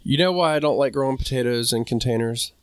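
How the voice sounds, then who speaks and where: A man's voice: mid-range voice, quick pace, smooth, no room sound, clean studio sound. A man co-hosting a casual gardening talk, chatty and candid, often stopping to rephrase himself. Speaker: podcast co-host.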